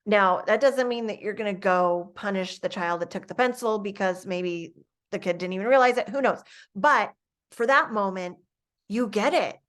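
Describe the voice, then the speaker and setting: Calm woman explaining classroom coaching steps. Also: medium pitch, normal speed. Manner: calm, explaining step by step, soft acted examples for students. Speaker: instructor. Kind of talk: instructional lecture on classroom coaching.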